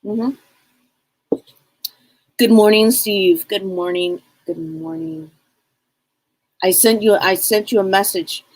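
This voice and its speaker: A woman's voice: medium pitch, takes it slowly, pauses often, poor audio. A woman hosting a live psychic stream, chatting casually and rambling, greeting viewers by name.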